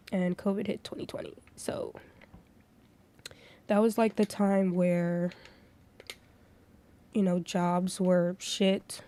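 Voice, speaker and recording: A woman's voice: mid-range voice, mellow. Profane, ranting young woman streamer. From Florida. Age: 20s. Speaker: livestreamer. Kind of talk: casual stream chat.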